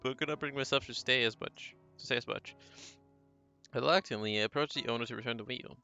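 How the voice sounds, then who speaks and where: A man reading a gentle young wife narrating. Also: mid-range voice, a little fast, gravelly, highs cut off, soft background music. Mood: reflective.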